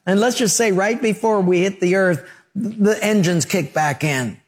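A male pastor preaching a sermon, telling vivid stories with lively emphasis. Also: sits high, a little slow. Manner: animated storytelling preacher.

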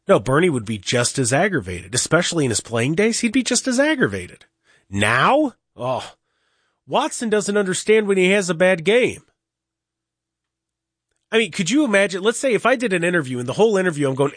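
A sports radio host, a man with a fairly high, very lively voice, riffing with opinions and quick mocking impressions. The studio sound is close and dry. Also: no room sound. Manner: animated, mocking impressions, frequent restarts.

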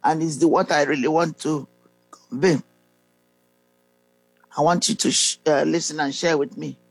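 A preacher reading scripture and leading a listener through a prayer of salvation, pausing often with fillers and clearing the throat. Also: mid-range voice, steady tone, no echo, rough recording. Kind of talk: slow devotional teaching and guided prayer.

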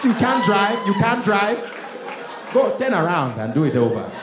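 A man's voice: high-pitched, sing-song, moderate pace, echoey room, crowd noise, noisy background, voice pushed up. A man voicing a brusque, commanding Nigerian man who barks orders. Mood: bossy. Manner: barking, brusque. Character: bossy Nigerian man, older relative, commanding.

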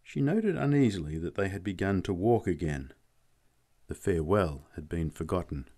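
A man narrating a story aloud in a measured storytelling manner. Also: deep voice, very animated, warm tone. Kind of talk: audiobook narration.

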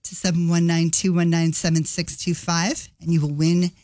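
A woman radio DJ talking casually on air, chatty and relaxed as she announces a giveaway. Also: lowish voice, moderate pace, very noisy. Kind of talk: radio DJ talk. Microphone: studio microphone.

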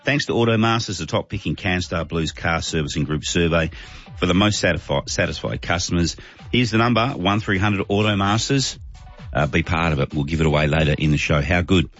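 A man's voice: low voice, brisk, a bit bright, muffled recording, soft background music. A man with an Australian accent hosting talk radio, reading listener texts in a chatty, jokey, matey way. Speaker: radio host.

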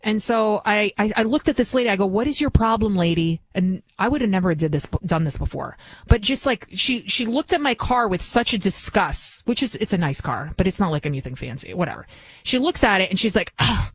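A woman's voice: medium pitch, expressive, fairly quick, husky, dry recording, poor audio. A woman in her forties hosting talk radio, telling a story in an indignant, ranting manner. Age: 40s.

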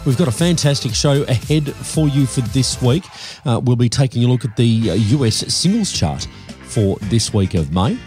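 A man's voice: mid-range voice, animated, moderate pace, a little mellow. Chatty male radio show host over faint guitar. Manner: friendly, chatty with fillers. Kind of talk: casual radio hosting.

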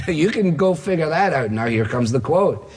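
Husky-voiced man preaching in a reverberant hall. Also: on the high side, animated, a little mellow. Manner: emphatic, repetitive phrasing, slows down to stress points. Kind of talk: expository sermon. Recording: long reverb of a large hall.

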